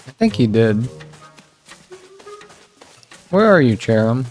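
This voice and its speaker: A young man from Virginia chatting casually while playing a game, rambling and joking, jumping up in pitch to make a point. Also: very animated, slow pace, long pauses, darkish tone, faint music behind. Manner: rambling, joking, jumps into higher pitch for emphasis. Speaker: gaming streamer. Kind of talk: casual gameplay commentary.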